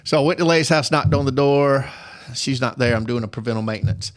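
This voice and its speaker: An appliance technician with a mid-range voice talks fast in a casual chat about his work, acting out quoted voices and laughing often.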